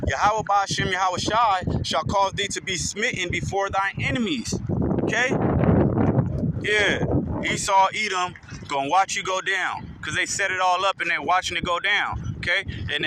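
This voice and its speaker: A man with a high voice teaches scripture in an informal way, slowing down to read each verse and then breaking it down with a steady "okay?". He is recorded outdoors, and heavy noise fills the background. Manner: reads verses slowly, then explains with a constant "okay?". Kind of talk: informal scripture reading and commentary.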